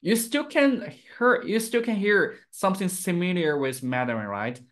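Teacher from sichuan, chinese accent, live-streamed class, very animated pitch, laughs a lot. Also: normal speed. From Sichuan, China. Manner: lively, mixes English and Chinese, laughs often. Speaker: Mandarin teacher.

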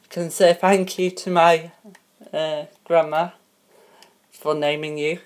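A woman hosts a homemade mock TV show in a casual, unpolished way. Her voice sits very low, and she talks slowly. She hesitates constantly, filling gaps with ums and uhs and tripping over names. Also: steady tone, a little mellow. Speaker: host of a homemade spoof show.

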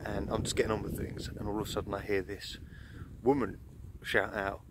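A man's voice: on the low side, little pitch movement, brisk, slight background noise. A man chatting casually to a handheld camera while camping outdoors on a cold moor, telling a story with plenty of fillers. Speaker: motorcycle camping vlogger. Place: outdoors at a moorland campsite in winter.

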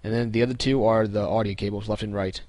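Young guy, lowish voice, relaxed tutorial host with filler words, dry recording. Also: quick pace, dry recording. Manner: relaxed, many ums and restarts. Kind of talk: casual screen-recorded tutorial.

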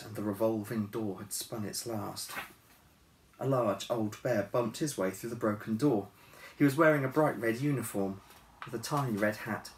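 A man who writes and illustrates children's books, chatting in a relaxed way and reading his story aloud in his office. He is recorded from a distance, with faint hiss behind him. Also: lowish voice, reverberant.

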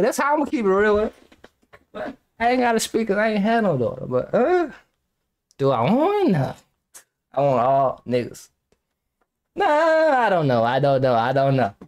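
A man's voice: extremely high pitch, slight background noise. A young man hosting a reaction video, talking casually with lots of profanity, frequent laughter and rambling side stories. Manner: animated, profane, laughs often, rambling anecdotes.

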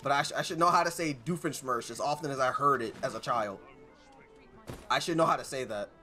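A man's voice: medium pitch, brisk, sharp tone, soft background music. A man streaming a video game, rambling and joking with his chat in casual commentary. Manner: rambling, jokey, talks to chat.

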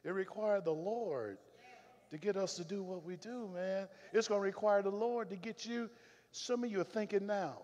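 A man with a Southern US accent preaching a sermon as pastor, telling folksy stories and swinging between loud firm emphasis and low confiding asides. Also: expressive, measured pace. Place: church sanctuary. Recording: reverberant church hall.

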